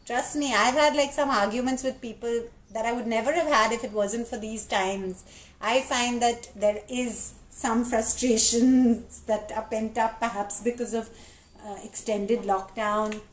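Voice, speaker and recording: A woman's voice: fairly high pitch, steady tone, measured pace, rough recording. A woman hosting a casual live stream, chatting candidly and reading viewer comments aloud.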